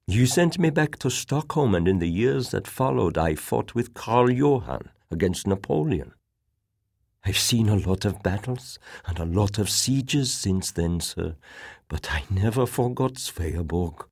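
Guy doing a stern bitter officer, forceful, slightly raised voice. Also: on the low side, animated, a little slow, gravelly, husky, dry recording, studio quality, pitched above the performer's own voice, exaggerated voice. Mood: measured. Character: hard-edged male army officer, stern and bitter. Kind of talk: audiobook reading.

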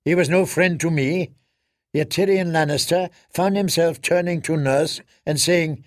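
Male audiobook narrator: unhurried, gravelly, dry studio read. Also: on the high side, dry recording. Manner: measured, dramatic storytelling.

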